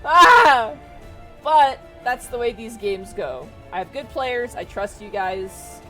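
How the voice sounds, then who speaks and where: A woman's voice: mid-range voice, unhurried, music in the background. A woman running a tabletop game as game master, narrating in a chatty way full of "kinda" and "like".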